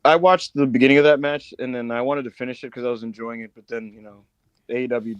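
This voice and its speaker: A man hosting a casual podcast chat, swearing freely and breaking into loud mocking impressions. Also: mid-range voice, steady tone, quick pace, clear, resonant tone, no room sound, dull audio. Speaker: podcast host.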